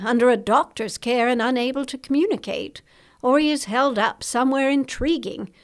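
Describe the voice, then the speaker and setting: A woman narrator voicing a grown son who speaks to his mother in a steady, reassuring way. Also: a little high.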